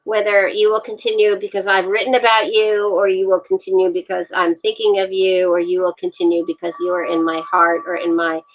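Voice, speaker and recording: Woman guest on a livestream, chatty, halting with ums and restarts, dull lo-fi call audio. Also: medium pitch, little pitch movement. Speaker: wine guest. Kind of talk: casual livestream chat. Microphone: video call.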